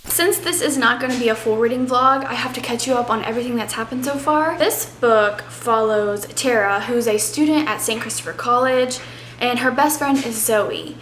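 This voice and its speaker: Chatty excited woman in an echoey room. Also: fairly high pitch, normal speed. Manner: chatty and excited, with breathy whispered asides. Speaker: book vlogger. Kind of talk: casual reading vlog chat. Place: home reading nook, indoors. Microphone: camera on a tripod. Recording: roomy echo with faint background noise.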